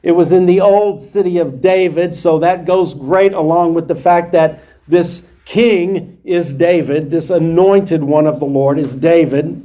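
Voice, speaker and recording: Male Bible teacher with a high voice, explaining scripture to a class. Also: a little slow, few pauses, warm tone. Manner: explains verses plainly, restating them in his own words. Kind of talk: verse-by-verse Bible study lecture.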